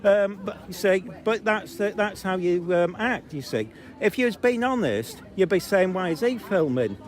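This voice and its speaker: A man's voice: high voice, lively intonation, normal speed. Blunt, mocking man filming on the street. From Zambia. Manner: blunt, mocking, rambling with many ums. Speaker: street filmer. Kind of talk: confrontational street argument. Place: outdoors on a city street.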